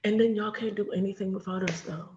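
A speaker in casual chat about a TV show, expressive and swearing freely. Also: medium pitch, quick pace, dull audio, slight background noise. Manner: expressive, swearing, laughs and exclaims.

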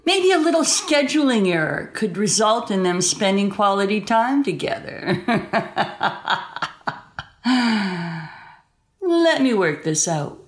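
A woman hosting a comedy show, delivering a scripted monologue in a chatty, animated manner. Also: mid-range voice, moderate pace, hardly any pauses. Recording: echoey room.

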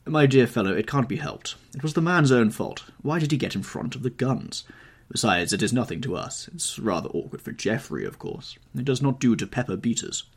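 A man's voice: mid-range voice, very animated, fairly quick, creaky, breathy edge, pitched above the performer's own voice, full character voice. A man voicing a worldly, cynical older aristocrat who speaks in a dismissive, urbane way. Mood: airy.

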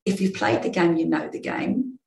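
A woman in her fifties from England, a former rugby player and sports journalist, telling lively anecdotes in a casual interview. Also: fairly low pitch, normal speed, creaky, roomy sound, rough recording. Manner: lively storytelling with restarts.

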